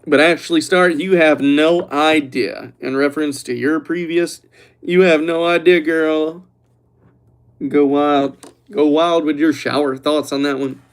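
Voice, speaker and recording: A young man hosting a livestream who chats loosely and teases the viewers while reading their comments aloud, relaxed after a few glasses of red wine. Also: fairly high pitch, a little slow. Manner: joking, teasing, reads chat aloud. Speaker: livestream host. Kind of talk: casual livestream chat.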